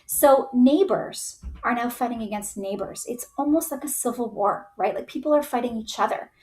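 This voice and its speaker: A woman's voice: fairly high pitch, moderate pace, a little mellow. A woman giving a casual history lesson as a teacher, chatty, with many "right?" tags and little put-on voices for the groups she describes.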